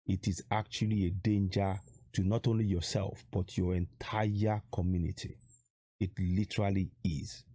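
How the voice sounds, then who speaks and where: A man's voice: low voice, mellow, dry recording. A man from Nigeria speaking straight to camera as an activist vlogger, urgent and pressing, repeating rhetorical questions to drive his point home. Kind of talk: direct-to-camera appeal.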